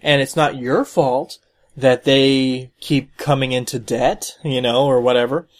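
A man's voice: mid-range voice, steady tone, measured pace. A man hosting a solo podcast, commenting in a rambling way with many fillers and restarts. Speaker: podcast host.

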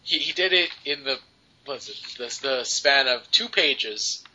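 A man's voice: mid-range voice, animated, a little slow, sharp tone. A man co-hosting a podcast, reviewing comics in casual chat with many ums and restarts. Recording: dull lo-fi podcast audio.

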